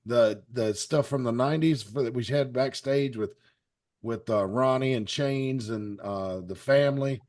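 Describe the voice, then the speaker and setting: A man's voice: medium pitch, unhurried, a little mellow. A man hosting a wrestling panel show, talking in a rambling, wry, joking way. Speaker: podcast host. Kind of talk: casual chat.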